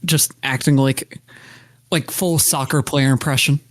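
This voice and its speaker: A man playing at a tabletop game, describing his character's actions in an unhurried, hesitant way. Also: mid-range voice, steady tone, no echo. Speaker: player. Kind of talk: casual tabletop play.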